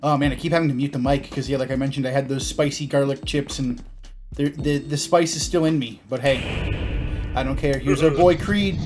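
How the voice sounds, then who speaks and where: A let's play host chatting casually and joking while reading game dialogue aloud, at an average pitch. Game music runs clearly underneath. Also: fairly even intonation, normal speed. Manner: jokey, rambling, reads game dialogue aloud. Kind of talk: casual gameplay commentary.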